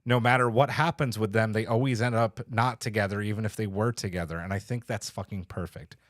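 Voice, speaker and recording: A man's voice: lowish voice, fairly even intonation, a little fast, no echo, studio quality. A man co-hosting a podcast, chatting casually and enthusiastically, swearing now and then and reading out listener comments. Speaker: podcast co-host. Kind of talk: casual review chat.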